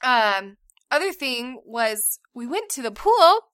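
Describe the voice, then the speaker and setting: A woman in her thirties co-hosting a podcast in casual chat, telling animated stories and laughing often. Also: on the high side, takes it slowly, clear, resonant tone, no room sound, clean studio sound. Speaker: podcast co-host.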